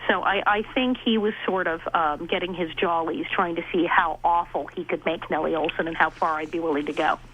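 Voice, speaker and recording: A middle-aged woman, an actress and comedian, telling stories in an interview, animated and laughing as she acts out quoted lines. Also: lowish voice, a little fast, hardly any pauses. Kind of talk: casual interview storytelling. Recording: dull lo-fi audio.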